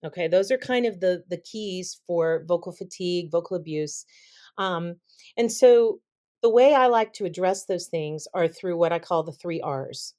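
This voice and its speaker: A woman's voice: lowish voice, moderate pace, warm tone. A woman, a vocal health expert guest on a podcast, explaining and demonstrating speaking habits, often checking in with "okay?". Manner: demonstrates voices while teaching, says "okay?" often.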